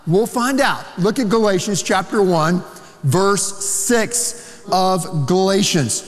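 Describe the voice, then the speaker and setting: A man preaches to his congregation with emphatic, animated delivery, dropping quick asides between points. His voice sits high, and it rings out with the long reverb of a big church sanctuary. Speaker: pastor. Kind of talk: sermon.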